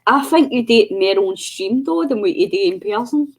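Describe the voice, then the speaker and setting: A woman's voice: medium pitch, expressive, moderate pace. A chatty, giggly woman co-hosting a casual craft livestream over a video call. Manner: chatty, giggly, mimics voices. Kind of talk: casual chat.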